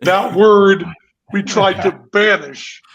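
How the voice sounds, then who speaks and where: A man with a fairly high voice tells stories as a guest on a podcast. He talks in an emphatic, theatrical way and swears for effect. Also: slow pace, a crowd in the background, low-quality recording. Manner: emphatic, profane, theatrical storytelling. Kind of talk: casual storytelling chat.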